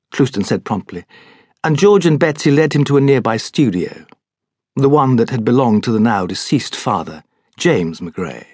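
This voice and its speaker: Husky low-voiced male narrator. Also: lively intonation, a little mellow, no echo, clean studio sound. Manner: measured storytelling. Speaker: audiobook narrator. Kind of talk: scripted narration.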